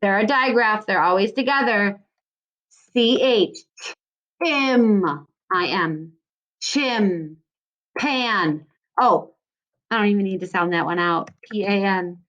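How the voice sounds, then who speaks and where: A woman teaches a recorded phonics lesson to second graders, sounding out words slowly and encouraging the children along the way. Her mid-range voice is a bit bright, and the recording's highs are cut off.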